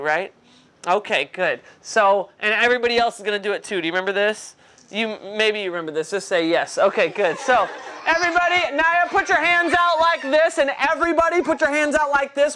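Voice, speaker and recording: A woman performing as a children's magician, teasing her young helpers and calling out instructions in lively show patter, recorded live. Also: mid-range voice. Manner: playful, teasing; commanding, calls out instructions. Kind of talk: interactive kids' show patter.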